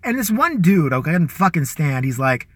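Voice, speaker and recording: A man from the Chicago area tells crude, rambling stories live on his show, with frequent laughs. His voice sits a little high and sounds bright and forceful. His delivery swings widely up and down. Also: very animated, fairly quick, dry recording. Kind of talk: casual profane storytelling.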